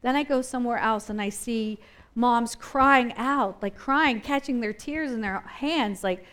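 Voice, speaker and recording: High-voiced woman preaching with fervor. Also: measured pace, a bit bright. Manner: impassioned, repetitive, rising and falling intensity. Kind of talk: sermon.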